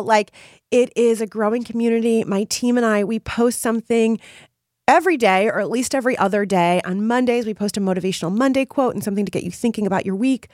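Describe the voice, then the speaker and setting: A woman's voice: a little high, darkish tone, no echo, clean studio sound. A woman hosting her own podcast, talking to listeners in an effusive, encouraging and emphatic way. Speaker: podcast host. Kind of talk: solo podcast monologue.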